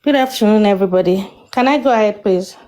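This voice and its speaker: A woman's voice: mid-range voice, fast talker, mellow. Polite, questioning woman on a call. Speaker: participant in a live audio discussion. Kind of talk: live audio chat.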